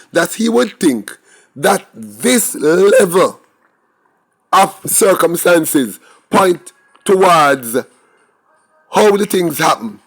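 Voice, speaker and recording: Man, Jamaican accent, commentator, emphatic, rhetorical, raised pitch. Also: fairly bright tone. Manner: emphatic, rhetorical questions, talks to viewers directly. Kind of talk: opinionated crime commentary.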